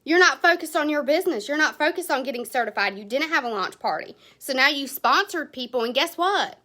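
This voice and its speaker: A woman's voice: high-pitched, expressive, a little fast, sharp tone. A woman, giving a blunt, passionate motivational talk to her sales team. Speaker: direct sales team leader.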